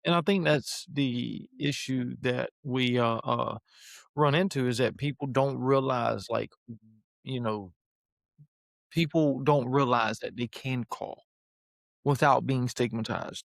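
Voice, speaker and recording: A man hosting an interview, supportive and conversational, with halting restarts. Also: mid-range voice, creaky, no room sound, clean studio sound. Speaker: interview host.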